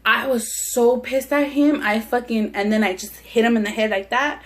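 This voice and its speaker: A young woman mukbang vlogger eats on camera while telling a heated personal story laced with profanity, restarting often. Her voice is a little high, with a steady tone and moderate pace, in a casual storytelling style.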